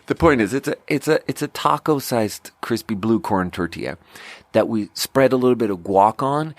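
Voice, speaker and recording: A man hosting a podcast, telling a long story about his restaurant work in a casual, animated way with lots of filler words. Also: moderate pace, no echo. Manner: animated, acts out quoted voices with big pitch jumps; frequent fillers like "like" and "you know". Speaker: podcast host; restaurant server.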